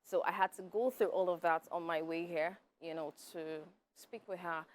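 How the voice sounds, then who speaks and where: Soft-spoken woman, low voice. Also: steady tone, normal speed, a little hiss or hum. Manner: soft-spoken, hesitant with fillers. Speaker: filmmaker and advocate guest. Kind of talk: TV interview. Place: TV studio.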